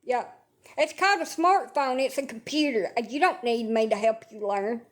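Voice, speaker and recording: A woman's voice: a little high, moderate pace. A woman, talking casually from bed, blunt, sarcastic and swearing freely. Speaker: social media livestreamer. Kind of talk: casual rambling livestream talk. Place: in bed at home.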